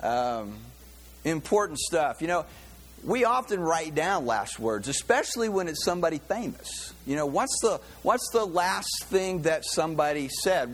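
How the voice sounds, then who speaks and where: Relaxed man preaching a casual sermon. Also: on the high side. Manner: conversational, loose, with many fillers and restarts. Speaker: pastor. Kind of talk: sermon with a joke.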